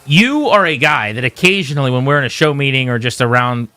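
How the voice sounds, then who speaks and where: A man's voice: medium pitch, expressive, fast talker, pushed and bright, no echo, soft background music. A man hosting a sports radio show in casual chat, talking in a chatty way with frequent restarts. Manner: chatty, self-interrupting. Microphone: studio microphone.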